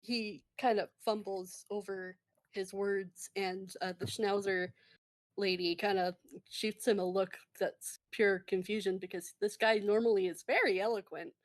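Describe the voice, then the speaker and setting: A woman's voice: medium pitch, fairly even intonation, unhurried. A woman describing her character's actions in a tabletop role-play, with many fillers and restarts. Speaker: player.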